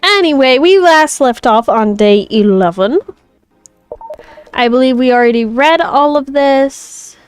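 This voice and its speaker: Slow, playful young woman streamer. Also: high voice, smooth, dry recording, faint music behind. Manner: playful, chatty, talks to her chat. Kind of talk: casual gameplay chat.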